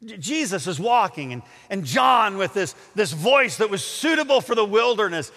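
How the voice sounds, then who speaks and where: High, lively-voiced man preaching in a hall. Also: normal speed, few pauses. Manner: impassioned, dramatic preaching with stammered restarts. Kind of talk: sermon.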